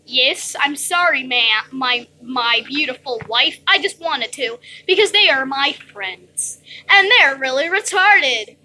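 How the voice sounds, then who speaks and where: Clumsy husband, sheepish and halting, voiced by a woman. Slow and high. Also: animated, sharp tone, slight background noise, heavily acted, low-quality recording. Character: clumsy, apologetic husband named Stanley.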